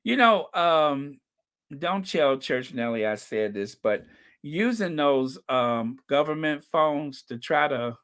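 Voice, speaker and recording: A man hosting a relaxed live-stream chat, talking at an unhurried, easy pace. His voice is smooth and clear as he chats, reads out viewers' names and comments, and laughs along. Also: fairly high pitch. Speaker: channel host.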